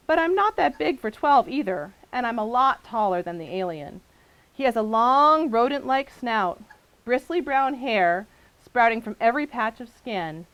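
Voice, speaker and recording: A woman author addressing a book signing audience and reading her novel aloud with a lively, expressive delivery. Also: a little high, rough recording.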